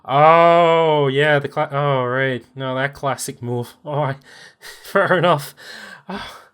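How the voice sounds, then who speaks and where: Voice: medium pitch, fairly bright tone, smooth. Laughing, chatty game master. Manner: chatty, laughing narration with quick asides. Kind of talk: narrating a tabletop game.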